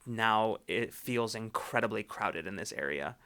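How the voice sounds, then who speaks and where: A man's voice: lowish voice, expressive, measured pace, bright, forceful tone, clear, resonant tone. A man narrating a tabletop game as game master, rambling with many restarts and fillers.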